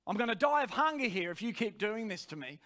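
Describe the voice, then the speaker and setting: A man's voice: sits high, sing-song, quick pace, sharp tone, heavily acted. A man voicing his whiny, starving flesh. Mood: desperate. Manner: pleading, insistent.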